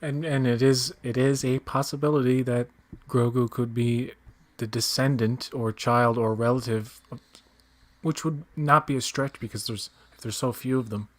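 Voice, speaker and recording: A man's voice: mid-range voice, steady tone, normal speed, no echo. Joking New Zealand man, close and dry. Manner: casual, profane, joking. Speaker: podcast co-host. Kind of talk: casual chat.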